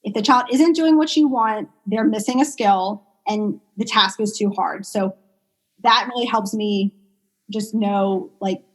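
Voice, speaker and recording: A woman working as a pediatric speech therapist, chatting casually in an interview and telling stories with lots of fillers and animated quoted voices. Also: mid-range voice, measured pace. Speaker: pediatric speech-language pathologist guest.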